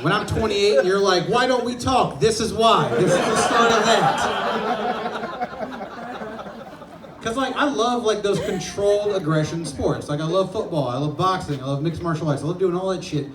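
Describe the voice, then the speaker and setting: High-voiced man doing stand-up. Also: moderate pace, a crowd in the background. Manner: self-deprecating, animated storytelling with shouted impressions. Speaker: stand-up comedian. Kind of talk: stand-up comedy set. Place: comedy club stage with live audience. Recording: echoey club with audience laughter.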